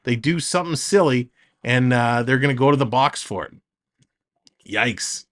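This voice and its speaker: A man's voice: medium pitch, a little fast. A man streaming live hockey play-by-play, calling the action in short bursts and chatting with viewers between plays.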